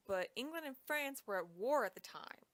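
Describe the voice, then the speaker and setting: A woman's voice: on the high side, lively intonation, normal speed, dry recording. A young woman casually retelling a history story, chatty and full of fillers. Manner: chatty, lots of "like".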